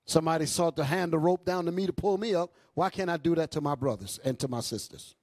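A male bishop preaching a sermon with impassioned bursts and low asides, calling out to the congregation. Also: fast, a little mellow, dry recording. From New York. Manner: calls out to the congregation. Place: church hall.

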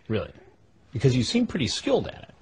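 A man conducting a confrontational news interview, asking calm, measured, pointed questions. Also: medium pitch.

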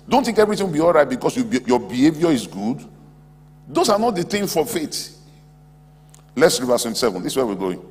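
A man's voice: medium pitch, husky. Guy preaching in a big hall, swings his voice up and down a lot, acts out folks in his church. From West Africa. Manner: animated preaching, acts out imagined church members. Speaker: pastor. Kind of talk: sermon. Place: large auditorium. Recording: long hall reverb, faint hum.

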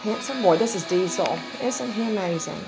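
A woman's voice: medium pitch, normal speed, music in the background. A middle-aged woman, a dog breeder chatting casually through a home video and talking baby talk to her dogs. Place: house, indoors.

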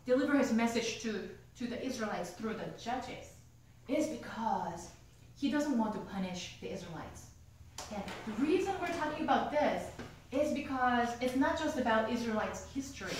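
A woman lecturer teaches a university theology class with animated storytelling, often laughing and asking her students questions. Her voice sits fairly high. The recording is very echoey, picked up from across the room with a faint hum. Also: distant mic.

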